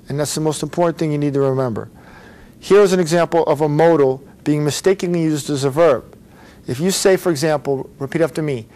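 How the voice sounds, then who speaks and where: A man's voice: fairly high pitch, a little mellow. Patient man teaching English grammar. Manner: patient, repeats model phrases and has learners repeat. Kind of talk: recorded English grammar lesson.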